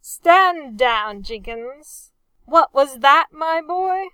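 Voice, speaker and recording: A woman's voice: on the high side, takes it slowly, bright, forceful tone, dry recording, exaggerated voice. A woman reading an audiobook, voicing a vengeful, sneering aristocratic male naval captain who roars and growls. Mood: bellowing. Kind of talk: audiobook character voice.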